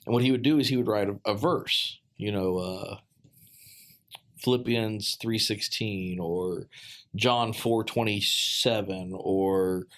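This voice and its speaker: A man telling a heartfelt personal story in a casual podcast chat, earnest and halting, with many fillers and restarts. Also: lowish voice, steady tone, fairly bright tone.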